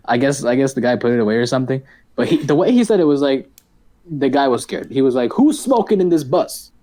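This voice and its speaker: A young man co-hosting a podcast, telling an animated, slangy story. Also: mid-range voice, brisk. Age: young adult. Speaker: podcast co-host. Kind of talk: casual chat.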